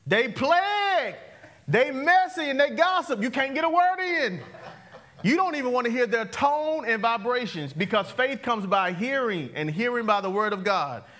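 A male pastor, preaching an interactive, call-and-response sermon that swings from loud to hushed, laughing often. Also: very high voice, expressive, normal speed.

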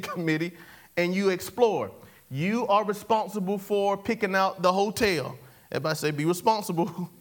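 Guy preaching, super high voice, keeps going amen? and everybody say, laughs a lot. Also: a bit bright. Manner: call-and-response, repeats phrases, chuckles often. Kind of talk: sermon.

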